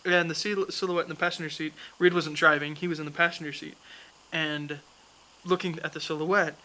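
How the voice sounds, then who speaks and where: A man's voice: a little high, fairly even intonation, fairly quick, pushed and bright, rough recording. A young man telling a funny story in a casual chat, laughing often as he goes.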